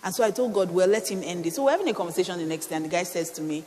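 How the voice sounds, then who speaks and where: A middle-aged woman pastor, preaching a sermon with animated storytelling and playful asides. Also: lowish voice, rapid-fire, big-room sound, a little hiss or hum. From Nigeria.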